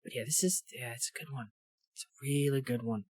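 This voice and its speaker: A man co-hosting a podcast in casual chat, talking animatedly and jumping high when he voices his own thoughts. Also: a little fast, husky, no room sound, clean studio sound. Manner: animated, rising into high-pitched asides. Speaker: podcast co-host.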